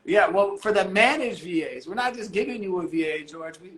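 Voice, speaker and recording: A man talking as a podcast guest, blunt and animated, swearing casually. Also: high-pitched, a little fast, echoey room. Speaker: guest, business owner.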